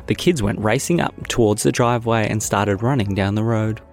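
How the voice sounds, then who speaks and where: A man's voice: on the low side, fairly quick, faint music behind. A man hosting a children's podcast, narrating a made-up story in a playful, childlike way.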